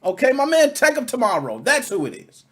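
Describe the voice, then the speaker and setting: Animated ranting male podcast host. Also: very high voice, brisk, slightly rough. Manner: animated, ranting, swears freely, swings from loud to muttering. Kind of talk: solo gaming podcast rant.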